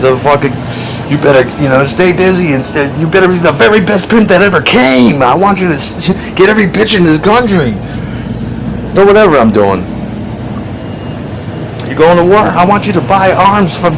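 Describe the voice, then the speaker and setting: A man's voice: mid-range voice, background noise. A man talking in a rambling, profane monologue, laughing often between thoughts. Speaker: vlogger.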